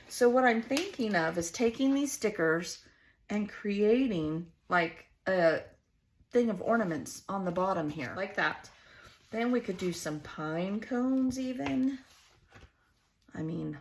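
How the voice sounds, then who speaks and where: A woman with a Southern twang muses aloud as she lays out a scrapbook page, going back and forth on each choice. She talks at a slow, easy pace in a mid-pitched voice. A faint hiss sits under the recording. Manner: chatty, musing to herself while arranging stickers. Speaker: scrapbooking host. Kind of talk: casual craft vlog, thinking aloud.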